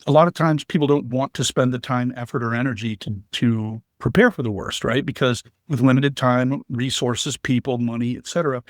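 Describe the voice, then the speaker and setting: A man answering interview questions in a measured, explanatory way, using vivid analogies. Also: mid-range voice, dry recording, studio quality. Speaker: guest, business leader and veteran.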